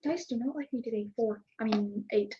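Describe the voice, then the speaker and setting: A woman's voice: on the high side, brisk, dull audio, very noisy. A woman playing a tabletop game, answering the game master with brief, casual replies. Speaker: player.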